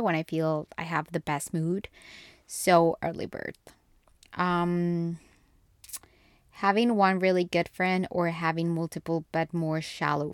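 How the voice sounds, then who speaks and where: A young woman from Colombia hosting a podcast, chatting casually and rambling as she answers quick this-or-that questions. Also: fairly low pitch, clear, resonant tone, dry recording, studio quality. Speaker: podcast host. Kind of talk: casual solo podcast chat.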